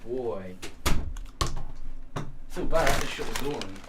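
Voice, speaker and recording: Slow-talking lad, casual chat. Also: male voice, medium pitch, animated, heavy background noise. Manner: chatty, swears often, coos at his dog. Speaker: gaming stream co-host. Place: home room.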